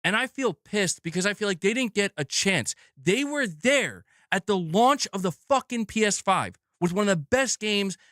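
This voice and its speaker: A man's voice: high-pitched, fairly bright tone, no room sound, clean studio sound. A man hosting a gaming news channel, delivering an angry, heated rant full of swearing and repeated phrases.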